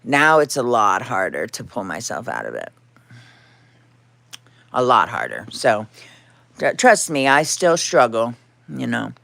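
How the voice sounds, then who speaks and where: A woman's voice: extremely low pitch, very animated, a little slow, gravelly, pauses often, a bit bright, dry recording. A woman hosting a casual home livestream, talking candidly and rambling, with a cat meowing now and then. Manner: rambling, candid, talks to her cats and chat. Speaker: livestream host.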